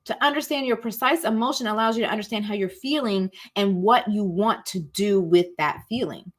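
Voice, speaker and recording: A woman's voice: medium pitch, fairly quick. A woman talks her listeners through a lesson like a friendly life coach. She is chatty and encouraging, calls her audience y'all, and slips into little acted-out inner thoughts as she teaches. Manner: acts out inner thoughts in quoted asides. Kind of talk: casual teaching talk.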